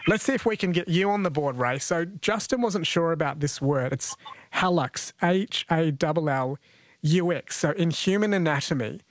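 A man's voice: on the high side, normal speed, dry recording. Chatty male radio host in a dry studio. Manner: chatty, jokey, laughs often. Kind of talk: radio quiz hosting.

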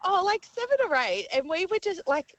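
A woman calling in to radio, telling a childhood story in an animated way. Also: very high voice, moderate pace, dry recording, highs cut off. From Australia. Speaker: caller.

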